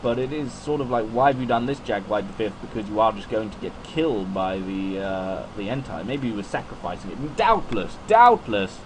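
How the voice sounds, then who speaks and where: A man in his twenties giving casual, rambling video game commentary, chatty and self-mocking, with swings in pitch. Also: background noise.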